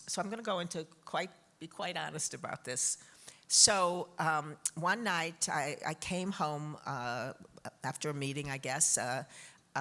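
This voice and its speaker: An older woman on stage telling a personal story in an expressive way, often laughing as she goes. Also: deep voice. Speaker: honored guest interviewee. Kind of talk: animated anecdote on stage.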